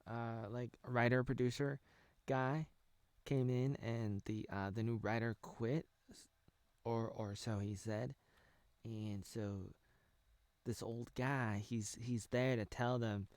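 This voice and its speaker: An American man in his thirties riffs on a TV show in a loose, rambling way, often stopping to restart his sentences. His voice sits at an ordinary middle pitch. The sound is dry and close, with no room around it. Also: a little mellow, no echo. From United States. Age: 30s. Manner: rambling, self-correcting, jokey. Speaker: video commentator. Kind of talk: casual parody commentary over a show.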